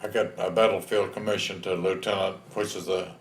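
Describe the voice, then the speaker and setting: A man's voice: low-pitched, little pitch movement, a little fast, reverberant. A man, telling his own story in a plain-spoken, folksy way in an oral history interview. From Texas. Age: 70s. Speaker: veteran interviewee.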